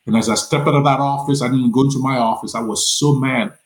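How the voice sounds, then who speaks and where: A middle-aged man tells his story as an interview guest, in a voice of ordinary pitch. He talks with lively energy, acts out the people he quotes, and often stumbles over repeated words. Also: fast talker, poor audio. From Nigeria.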